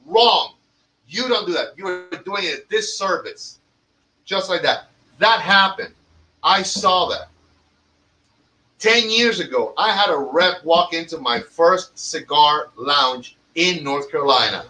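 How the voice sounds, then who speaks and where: A man's voice: sits high, animated, unhurried, bright, forceful tone, a little hiss or hum, rough recording. A man who owns a cigar lounge, telling stories in a profane, emphatic podcast rant. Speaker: cigar lounge owner and tobacconist.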